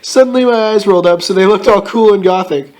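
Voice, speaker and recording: High-voiced guy mocking a bad fanfic. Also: quick pace, very noisy. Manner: mocking, swears freely, breaks into laughter. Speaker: comedic reader. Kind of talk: comedic dramatic reading with commentary.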